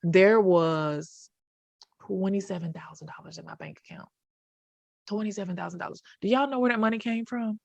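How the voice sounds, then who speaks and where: A woman hosting a podcast, chatting casually and telling a story with lively voiced quotes. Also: mid-range voice, moderate pace, vocal fry, no echo, highs cut off. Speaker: podcast host. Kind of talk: casual chat.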